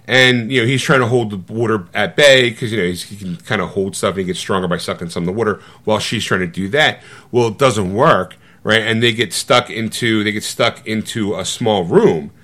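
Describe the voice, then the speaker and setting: Animated man retelling a film. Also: fairly low pitch, fairly quick, few pauses. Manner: animated storytelling, acts out quotes with swearing. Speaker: podcast co-host. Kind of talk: casual chat.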